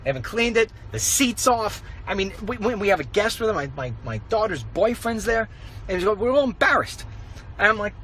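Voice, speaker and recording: A man's voice: sits high, sing-song, quick pace, a bit bright, slight background noise, rough recording. A middle-aged man giving a rambling, emphatic walk-and-talk monologue outdoors as an online commentator. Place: outdoors, walking.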